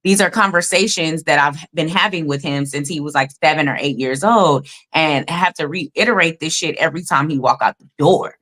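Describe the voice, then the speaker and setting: Woman in her 30s, lowish voice, candid and profane, emphatic, casual chat over a video call. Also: fairly quick, few pauses, fairly bright tone. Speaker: co-host and mother. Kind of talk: casual chat on a livestream panel.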